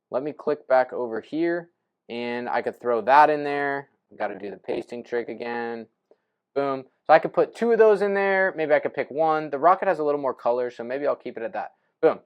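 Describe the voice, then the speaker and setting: A real estate investing coach, a young adult man, gives a relaxed screen-share lesson on writing posts. He thinks out loud while typing and marks each step with "right?" and "boom." The audio has a lo-fi quality.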